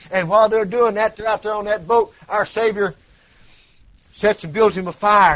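A preacher man with a high voice delivers an impassioned sermon, swinging from loud cries to hushed tones and leaning on rhetorical questions and repetition. The recording is dull and lo-fi.

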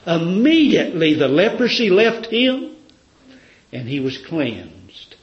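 A man's voice: high-pitched, sing-song, slow pace. Male preacher, fervent storyteller; roomy, lo-fi sermon recording. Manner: fervent storytelling, rhetorical questions.

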